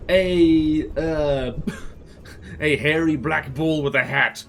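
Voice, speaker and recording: A man's voice: a little high, steady tone, very slow, slight background noise. An Australian man chatting playfully on a live stream, teasing himself and humming as he works. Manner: playful, self-mocking, chatty, hums to himself. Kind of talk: casual live-stream chat while working.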